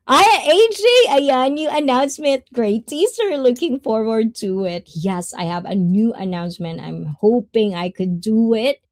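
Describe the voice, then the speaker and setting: A woman hosts a casual livestream, talking to her viewers and greeting them as they arrive. Her voice is mellow and unhurried. The sound is close and dry. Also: on the low side, creaky, no room sound. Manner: chatty, greets chat viewers, mixes in Tagalog words. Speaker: livestream host. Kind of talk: casual livestream talk to chat.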